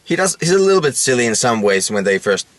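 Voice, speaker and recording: A man co-hosting a casual chat about a film, talking in a rambling, halting way with many restarts. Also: medium pitch, big pitch swings, dry recording. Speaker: podcast co-host.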